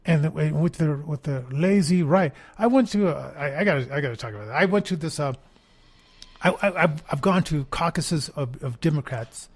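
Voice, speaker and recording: A man's voice: on the high side, lively intonation, normal speed. A man hosting a political talk radio show, rambling, repeating words and asking "right?" again and again. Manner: mocking put-on voices when quoting. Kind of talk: political commentary monologue.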